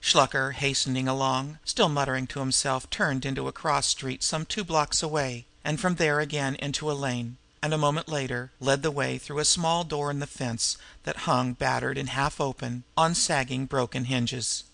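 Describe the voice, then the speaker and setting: A man narrating a novel in a measured, even storytelling manner. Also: medium pitch, gravelly, no room sound. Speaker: audiobook narrator. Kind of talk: scripted narration.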